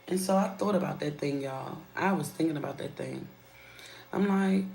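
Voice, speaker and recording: A woman's voice: low-pitched, unhurried, vocal fry, darkish tone, reverberant, slight background noise, low-quality recording. A woman chatting candidly and casually with her viewers on a live stream, speaking to them directly as y'all. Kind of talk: casual chat. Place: at her workplace.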